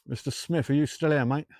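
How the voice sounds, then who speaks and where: A man's voice: a little high, darkish tone, dry recording. A man hosting a live ghost hunt outdoors at night, rambling, joking and greeting viewers by name, his throat sore and dry. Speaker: ghost-hunting livestream host. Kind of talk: live-stream chat to viewers. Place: outdoors at night by old railway tracks.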